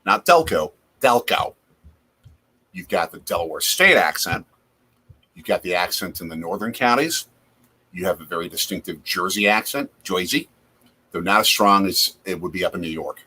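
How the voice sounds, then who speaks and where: A man's voice: deep voice, normal speed, pushed and bright, husky. A man from Wisconsin hosting a casual live chat over a football game from his home basement, reacting aloud to plays. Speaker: host.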